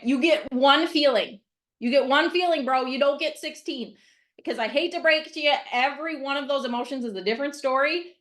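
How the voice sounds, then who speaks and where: A woman's voice: high-pitched, bright, forceful tone. Blunt middle-aged woman coaching on a video call. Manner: blunt, emphatic, repeats points with "okay?". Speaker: mindset coach. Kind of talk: casual teaching on a video call.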